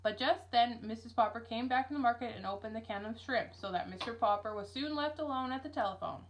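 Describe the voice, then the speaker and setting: A woman teacher reading a children's book aloud, expressive and shifting her voice for each character. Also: a little high, quick pace, low-quality recording. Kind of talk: read-aloud storybook narration with character voices.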